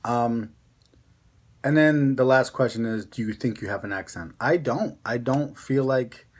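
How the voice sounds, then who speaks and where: A man's voice: mid-range voice, a little slow. A young man with a Connecticut accent chatting casually to camera as a vlogger, rambling with lots of fillers. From Connecticut, USA.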